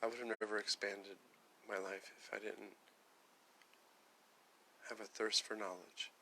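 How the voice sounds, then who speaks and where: A man's voice: on the low side, level tone, a little slow, creaky, bright, forceful tone, slight background noise. A young man rambling on a casual livestream, part spiritual preaching, part chatting with viewers. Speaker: livestream host.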